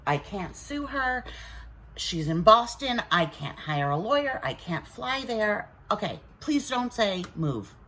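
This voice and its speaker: A woman's voice: medium pitch, sing-song, slow, fairly bright tone, rough recording. A woman vlogger venting to camera in a defensive, insistent way.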